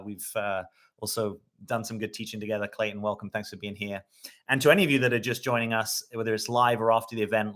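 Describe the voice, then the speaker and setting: A dating coach speaks on a live stream in a reflective, conversational way, answering viewer comments and often checking in with his listeners. He has a lowish voice with a fairly bright tone.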